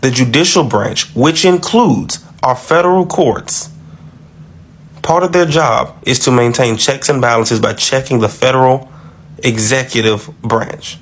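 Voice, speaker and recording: A man's voice: medium pitch, a little slow. A man giving emphatic social media commentary, repeating his key points as he explains.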